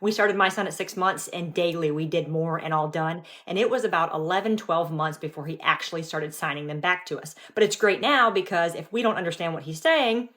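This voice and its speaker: A woman's voice: fairly low pitch, brisk, hardly any pauses, fairly bright tone. A young woman and mother giving casual parenting tips in an upbeat, instructive way.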